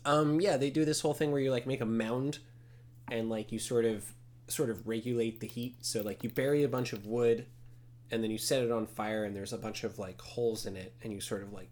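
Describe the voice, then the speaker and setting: A young man co-hosting a movie podcast, retelling scenes with animation and acting them out as he goes. His voice is a medium-pitched, everyday one. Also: fairly even intonation, a little fast, a little mellow. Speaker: podcast co-host. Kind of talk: casual movie review chat.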